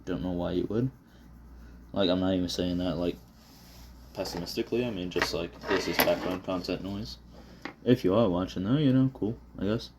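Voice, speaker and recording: A man with a very low voice talks casually while he draws, rambling through fillers, swearing and putting himself down. He speaks into a phone propped on his desk. A faint hiss sits under the recording. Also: normal speed. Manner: self-deprecating, rambling, frequent fillers and swearing. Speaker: vlogger drawing on camera.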